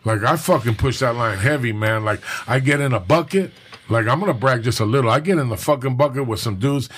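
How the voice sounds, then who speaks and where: A man's voice: medium pitch, fairly quick, a bit bright, breathy edge. A middle-aged man from Southern California, a podcast guest, talking candidly in emphatic, profane, rambling street talk. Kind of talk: candid personal conversation.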